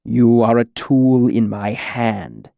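Man reading a cold shadow lord, soft and slow, patient menace, gravelly. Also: mid-range voice, no room sound, dull audio.

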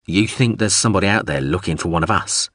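Man reading wary man in disguise, deep voice, calm, storybook. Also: fast, no room sound, studio quality.

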